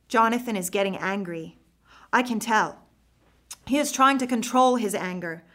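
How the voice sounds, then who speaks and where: Woman reading a first-person story out loud, earnest and thoughtful, expressive. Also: medium pitch, normal speed. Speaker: narrator.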